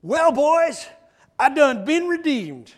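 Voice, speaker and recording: A man's voice: very high-pitched, sing-song, slow, voice pushed up, exaggerated voice. Man putting on a giddy drawl. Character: excitable simple-minded Southern man just baptized.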